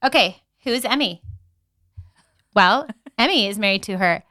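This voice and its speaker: A young woman co-hosting a casual chat podcast, telling a travel story with lively acted-out reactions. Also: medium pitch, measured pace, dry recording, studio quality. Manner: animated storyteller, acts out her own reactions. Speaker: podcast co-host.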